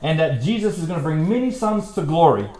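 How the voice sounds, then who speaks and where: A man teaching a playful children's Bible class, excited and goofy, laughing often. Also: on the high side, fairly quick, reverberant. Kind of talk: playful kids' Bible lesson. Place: church classroom.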